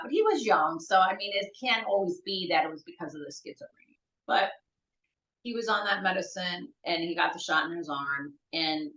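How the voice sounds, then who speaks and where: A middle-aged woman, a bereaved mother, telling her son's story as a podcast guest, halting and searching for words, tearful at times. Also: lowish voice, sharp tone, roomy sound, highs cut off. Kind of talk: emotional personal storytelling.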